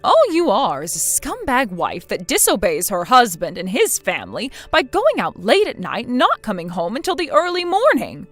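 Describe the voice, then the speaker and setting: A woman voicing a spiteful, domineering older mother-in-law in a scripted text-message drama, scolding harshly and loudly. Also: fairly high pitch, huge pitch swings, normal speed, few pauses, faint music behind, heavily acted.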